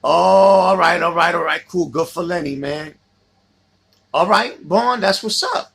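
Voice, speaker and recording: A man's voice: sits high, measured pace, creaky, a bit bright, slightly rough. A middle-aged man with a New York accent, chatting casually on a livestream, reminiscing about old friends and answering viewer comments.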